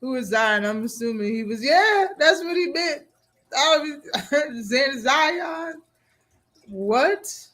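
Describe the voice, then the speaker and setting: A man's voice: very high-pitched, animated, takes it slowly, pushed and bright. A man hosting a live boxing talk stream, reacting casually with slang and frequent laughter.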